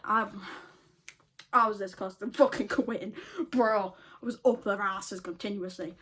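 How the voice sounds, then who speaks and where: A woman's voice: medium pitch, fairly even intonation, a little slow, fairly bright tone. A woman telling a storytime vlog in a casual, blunt way, swearing a lot and laughing often. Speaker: vlogger.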